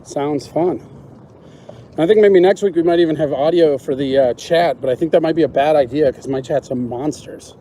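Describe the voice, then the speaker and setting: Man, fairly high voice, mellow tone, crude banter, outdoor street noise. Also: moderate pace. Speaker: streamer host. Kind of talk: casual walking livestream chat.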